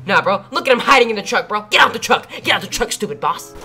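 A teenage boy with a high, bright voice and a gravelly edge. He rattles off trash talk quickly and bursts into rage-filled yelling while he plays a video game. Faint game music runs underneath. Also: animated. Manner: trash-talking, raging and yelling. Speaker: gamer being pranked. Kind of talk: livestream gaming commentary.

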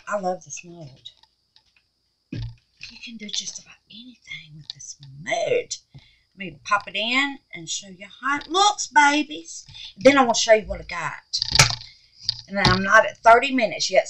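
A woman hosting a casual crafting vlog, chatty and excitable, calling her viewers babies and honey. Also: medium pitch, rough recording. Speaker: resin craft channel host.

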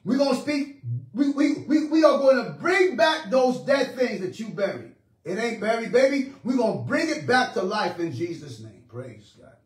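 A man preaching a charismatic sermon with fervor, moving from shouts to hushed prayer. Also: very high voice, sing-song, normal speed. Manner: fervent, swings between shouting and hushed prayer. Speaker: pastor. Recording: echoey room, mic at a distance.

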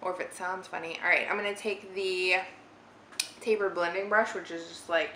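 In her spacious living room, a young woman with a fairly low, steady voice talks at a moderate pace through a makeup tutorial. Heavy background noise sits over the faint room ambience as she rambles, giggles and uses "like" constantly.

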